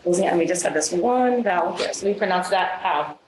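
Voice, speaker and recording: A woman's voice: fairly low pitch, expressive, a little fast. A woman reading specialist leading a classroom demonstration, upbeat and full of praise for her students. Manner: upbeat, encouraging, frequent praise. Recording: echoey room, faint noise.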